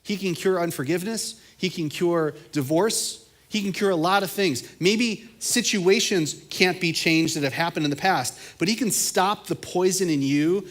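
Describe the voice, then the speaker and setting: A young man preaching a casual, energetic sermon to students, talking conversationally. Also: high voice, normal speed. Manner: animated, conversational, acts out quotes. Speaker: youth pastor.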